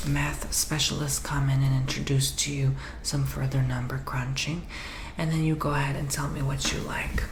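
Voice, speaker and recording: A man's voice: on the high side, reverberant, background noise. A man whispering in a role-play as a pushy, rude male timeshare salesman who presses hard for a sale. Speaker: ASMR role-player.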